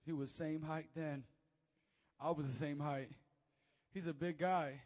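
A young man preaching a sermon from a church stage, animated and acting out the quotes as he tells the story. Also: fairly high pitch, a little slow. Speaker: pastor. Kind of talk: lively sermon. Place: church stage before a congregation.

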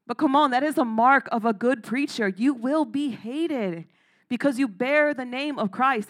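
A woman's voice: a little high, unhurried, fairly bright tone. A woman preaching a sermon, emphatic, calling out to the congregation and laughing between points. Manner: emphatic, calls out "Amen?" and "Come on".

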